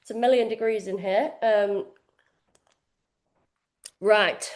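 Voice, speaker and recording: A woman's voice: mid-range voice, fairly even intonation, slow pace, a little mellow, roomy sound. A woman fitness coach demonstrating exercises in her kitchen, talking casually and swearing freely while out of breath. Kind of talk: live online workout demonstration. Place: home kitchen, indoors.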